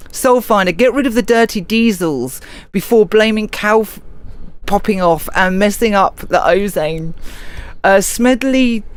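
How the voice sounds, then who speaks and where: An English woman, older, hosting a live show and chatting casually as she reads out and answers listener comments. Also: medium pitch. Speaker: radio show host reading listener messages.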